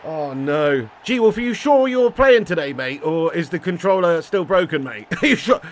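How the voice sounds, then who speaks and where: A man's voice: high-pitched, animated, moderate pace, a bit bright. A young man streaming a football video game, chatting cheekily with viewers, swearing and calling them mate and legend. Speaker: gaming live streamer. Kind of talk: casual live-stream banter while playing.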